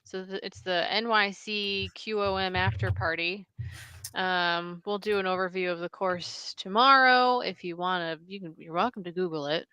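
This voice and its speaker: A woman's voice: fairly low pitch, steady tone, normal speed, sharp tone, smooth, dry recording. A woman co-hosting casual live commentary on an online cycling race, upbeat and enthusiastic with frequent fillers.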